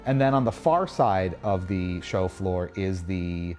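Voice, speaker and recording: A man's voice: low-pitched, takes it slowly, a little mellow, faint music behind. A man hosting a casual livestream, rambling chattily through a convention show floor and chatting with viewers. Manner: rambling, chatty, restarts and asides. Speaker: host. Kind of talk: casual livestream walkthrough narration.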